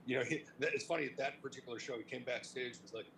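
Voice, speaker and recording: A middle-aged man from Cleveland, telling stories in a casual interview, animated and profane, laughing as he talks. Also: medium pitch, rapid-fire, vocal fry, noisy background. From Cleveland, United States. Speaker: interview guest, music industry veteran.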